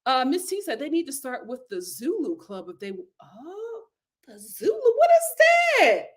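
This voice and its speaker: A woman hosts a casual live stream and reads viewer comments aloud. Her voice sits high and swings widely in pitch. She laughs often and breaks into loud exclamations. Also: big pitch swings, moderate pace. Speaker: live-stream host reading chat.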